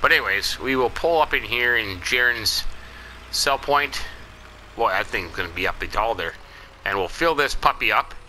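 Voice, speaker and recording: A man's voice: medium pitch, expressive, moderate pace, sharp tone, slight background noise, low-quality recording. Folksy man narrating farm gameplay. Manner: folksy, rambling, chuckling asides. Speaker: let's play host. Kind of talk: casual game commentary.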